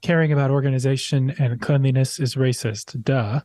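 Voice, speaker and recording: A man co-hosting a casual livestream, speaking in a low-key, dry way with hesitant ums. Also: steady tone, normal speed, dark tone, dry recording. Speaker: co-host. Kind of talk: casual live chat.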